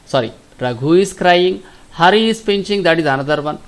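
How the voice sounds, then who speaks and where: A middle-aged man from India with a Telugu accent, giving a slow classroom lesson that repeats each question and answer. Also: on the high side, expressive. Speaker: teacher.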